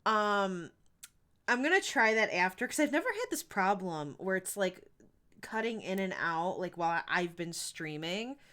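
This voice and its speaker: A woman's voice: medium pitch, lively intonation, normal speed, sharp tone. A woman streaming a video game, chatting casually and giggling as she rambles. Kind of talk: casual live-stream chat while gaming.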